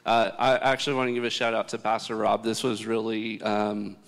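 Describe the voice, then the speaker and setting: A man hosting a church panel in a relaxed, easygoing way, often pausing on fillers. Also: lowish voice, gravelly, big-room sound. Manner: easygoing, filler-heavy, laughing. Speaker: church host leading a panel.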